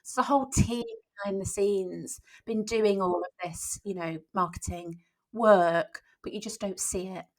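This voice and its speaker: A woman's voice: medium pitch, a little slow, low-quality recording. A woman from England with a Northern English accent, chatting casually as an author guest on a podcast, restarting her sentences often. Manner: chatty, with frequent restarts and laughter.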